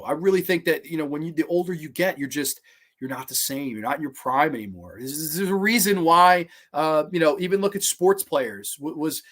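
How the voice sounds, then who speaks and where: Casting: young male host, somewhat high voice, profane, rambling livestream chatter. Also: a bit bright. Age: young adult. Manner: rambling, heavily profane, many restarts. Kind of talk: casual livestream chat reading comments.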